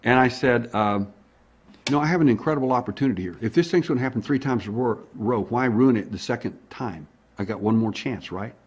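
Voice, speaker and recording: Husky-voiced male investigator recounting a case with lively, acted-out dialogue. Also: mid-range voice. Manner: animated, acts out dialogue. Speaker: alien abduction investigator. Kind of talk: storytelling monologue.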